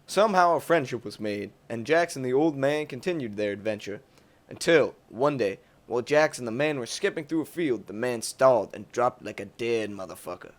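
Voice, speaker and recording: A man's voice: mid-range voice, moderate pace. Profane young man telling a comic tale. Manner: lively, profane, rambling. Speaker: narrator. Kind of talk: crude comic storytelling.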